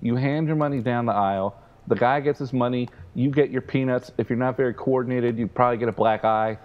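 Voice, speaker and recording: A man's voice: medium pitch, steady tone, fairly quick, muffled recording. A man co-hosting a casual sports podcast, grumbling and sarcastic. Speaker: podcast co-host.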